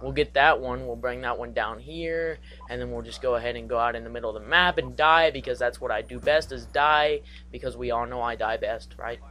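Young male gaming commentator, excitable and goofy, average pitch, faint background noise. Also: brisk, hardly any pauses. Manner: excitable, goofy, trash-talking, singsong asides. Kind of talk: live gameplay commentary.

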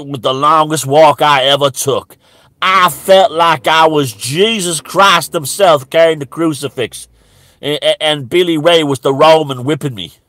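A man playing a bigoted, stammering preacher who rambles indignantly and breaks into high shouts. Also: dry recording. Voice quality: stammering, repeating words. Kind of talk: satirical character monologue.

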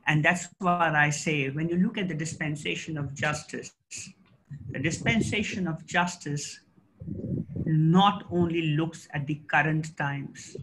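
A middle-aged man giving a formal guest lecture, emphatic and rhetorical, with pauses and restarts. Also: fairly high pitch, background noise. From India.

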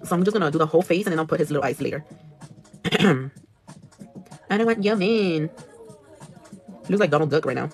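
A nail artist chats casually on a livestream while painting nails, her low voice expressive and brisk, broken by long pauses. Music plays in the background as she swears freely, switches into Spanish, and answers viewer comments.

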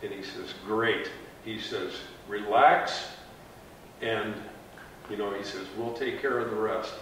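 A middle-aged man telling his own heart transplant story to an audience in a plain, conversational way, with pauses and restarts. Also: on the low side, fairly even intonation, a bit bright. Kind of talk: personal story told to an audience. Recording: echoey room from far off with faint noise.

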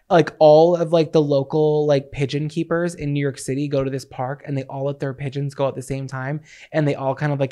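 A man co-hosting a podcast in casual chat, telling stories in an excitable, rambling, mock-dramatic way. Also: fairly high pitch. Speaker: podcast co-host.

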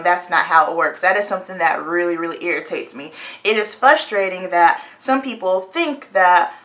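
A woman's voice: medium pitch, a bit bright. A woman in her late twenties from the United States, a hairstylist chatting candidly and with strong opinions straight to her viewers while getting ready. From United States (Virginia, North Carolina). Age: late 20s. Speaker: hairstylist and beauty vlogger. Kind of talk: casual get-ready-with-me chat.

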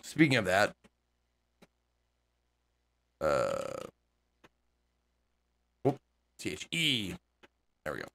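A man's voice: deep voice, huge pitch swings, extremely slow, vocal fry, pauses often, bright, forceful tone, a little hiss or hum. A man streaming a horror game, chatting and joking in casual commentary. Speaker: gaming streamer. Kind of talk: casual let's-play commentary.

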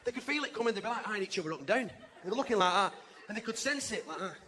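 A man in his forties from England, with a Northern English accent, performs live stand-up on a large arena stage. His voice sits high and bright with a forceful tone, lively intonation, and rapid-fire delivery as he chats, mimics people, and laughs along. The recording is echoey with a roaring crowd and a little hiss or hum.

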